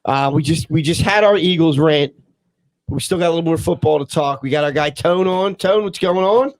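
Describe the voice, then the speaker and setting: A man's voice: on the high side, fairly quick, no room sound, low-quality recording. A man with a Philadelphia accent hosting a casual sports podcast, joking and blunt. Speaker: podcast host.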